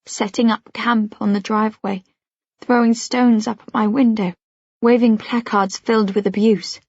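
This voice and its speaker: A woman reading a first-person audiobook in a hushed voice that often drops to a whisper. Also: on the high side, husky, no echo. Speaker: audiobook narrator. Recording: dull, dry lo-fi audio.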